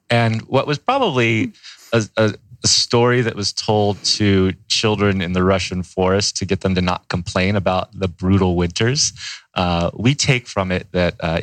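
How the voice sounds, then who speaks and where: A laid-back man retells a folk tale during an interview, often pausing with fillers. His voice is very deep. The recording is close and dry. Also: fairly bright tone, no echo. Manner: laid-back, many fillers, laughs easily. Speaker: guest, company co-founder. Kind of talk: casual storytelling in an interview.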